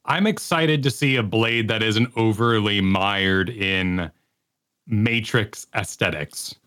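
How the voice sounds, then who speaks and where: A man co-hosting a podcast, chatting casually about movies, searching for words and then rattling off quick lists. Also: on the low side, fairly bright tone. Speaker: podcast co-host.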